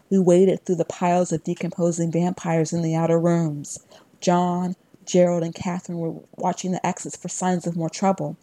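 A woman narrating a first-person fantasy audiobook in a steady, even storytelling voice on a close mic. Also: on the low side, no echo.

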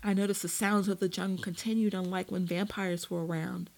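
A woman's voice: on the low side, flat delivery, brisk, vocal fry, rough recording. Woman narrating a first-person audiobook.

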